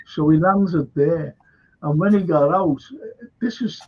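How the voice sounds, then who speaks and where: A man with a Liverpool accent tells history stories in a chatty, wandering way. He often breaks into little acted-out voices for the people in his tales. His voice sits high and a little husky, and it comes through muffled, lo-fi livestream audio. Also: takes it slowly. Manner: rambling anecdotes, acts out quoted voices. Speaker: local historian. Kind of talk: livestream storytelling chat.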